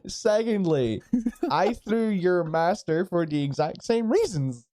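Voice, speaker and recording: Guy voicing a blunt dragonborn fighter, unhurried, low-key and dry, swears a lot. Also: big pitch swings, warm tone, exaggerated voice. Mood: earnest. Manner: measured and dry, swears casually. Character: blunt male blue dragonborn warrior, sardonic.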